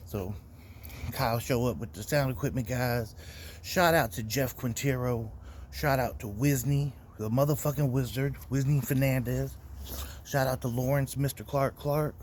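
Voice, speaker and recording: A man's voice: medium pitch, normal speed, a little mellow, a little hiss or hum. Profane storytelling man, heated. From Florida. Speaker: podcast host. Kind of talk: casual storytelling rant.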